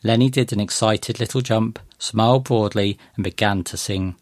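A man reading a first-person short story aloud in a gentle, measured way. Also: on the low side, no echo. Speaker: narrator.

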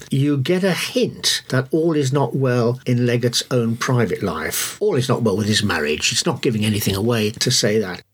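A man's voice: medium pitch, slightly rough. A man thoughtfully explaining and commenting on a novel in a discussion. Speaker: book commentator.

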